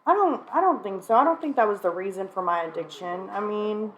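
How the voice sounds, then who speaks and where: A woman speaks candidly in a relaxed sit-down conversation with her sister. Her voice sits at an ordinary middle pitch. She talks frankly and openly, breaking into laughter now and then and often clearing her throat. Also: brisk, muffled recording, slight background noise. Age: adult, mother of a child. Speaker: sister sharing her recovery story. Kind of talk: candid conversation about addiction.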